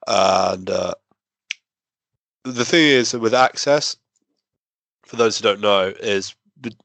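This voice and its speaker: A man's voice: lowish voice, takes it slowly, a bit bright, no echo. A man telling a rambling, self-deprecating story in a casual chat. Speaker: podcast co-host.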